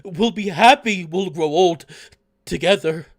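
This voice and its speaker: A man voicing a grieving male wolf who loudly and frantically pleads with his dying partner. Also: sits high, a little slow, pitched above the performer's own voice. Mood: pleading. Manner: loud, pleading, frantic reassurance.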